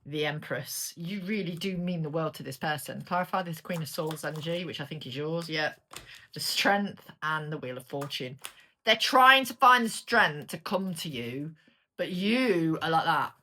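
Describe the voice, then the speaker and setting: A woman's voice: deep voice, expressive, normal speed, sharp tone. A woman with a British accent giving a casual, chatty tarot reading, blunt and sweary as she turns the cards. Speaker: tarot reader.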